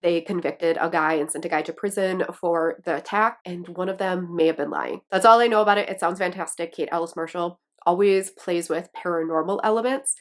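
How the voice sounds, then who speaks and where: Brief: woman, Wisconsin accent, lowish voice, bubbly casual book-vlog chatter. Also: brisk, hardly any pauses. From Wisconsin, USA. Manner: chatty and excitable, self-deprecating laughs. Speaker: book vlogger. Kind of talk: casual chat to camera.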